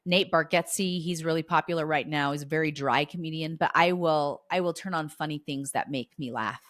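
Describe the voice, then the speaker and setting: Chatty woman podcaster, lowish dry voice. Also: moderate pace, no echo. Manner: chatty, warm encouragement with quoted dialogue. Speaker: podcast host. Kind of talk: casual solo podcast talk.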